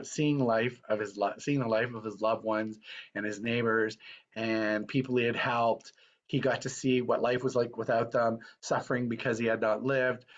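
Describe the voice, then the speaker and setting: A man's voice: medium pitch, dull audio. A man, a spiritual teacher, giving an earnest, conversational sermon full of storytelling, meandering with frequent fillers.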